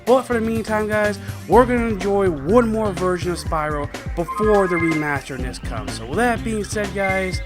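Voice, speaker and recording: An enthusiastic man gives chatty commentary while playing a video game, talking directly to his viewers. His voice sits a little high, and clear game music plays beneath him. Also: moderate pace, hardly any pauses. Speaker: let's-play host.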